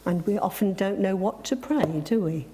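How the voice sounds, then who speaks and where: A woman preacher reading a reflective story and moving into a sermon, gentle and with emphatic exclamations. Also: medium pitch, animated, normal speed, a little hiss or hum.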